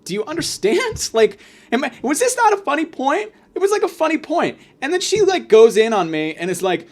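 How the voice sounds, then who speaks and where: A man's voice: sits high, brisk, slight background noise. A young man telling a story in a profane, sarcastic rant, hosting his own show. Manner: profane, sarcastic, animated ranting. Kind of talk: ranting storytelling monologue.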